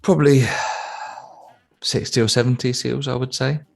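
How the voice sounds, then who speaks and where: A man co-hosting a comedy podcast, telling an improvised story in a deadpan way with stammering restarts. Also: mid-range voice, moderate pace, creaky.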